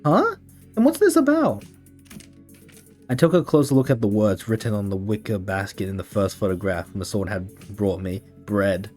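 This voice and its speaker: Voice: deep voice, moderate pace, few pauses, warm tone, faint music behind. A streamer reading a game story aloud, with giggly, chatty asides. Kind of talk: casual game playthrough reading.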